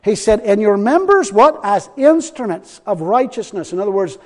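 A man's voice: sits high, big pitch swings, moderate pace, a little mellow, in a large hall. A man preaching a sermon as pastor, emphatic and folksy, often chuckling as he talks.

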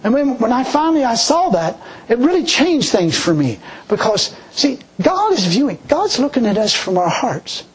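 A man preaching a sermon and telling his own story, in a folksy, conversational way with many restarts. He drops into a low, slow voice when he quotes God. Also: very animated, slightly rough, poor audio. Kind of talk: sermon with personal testimony.

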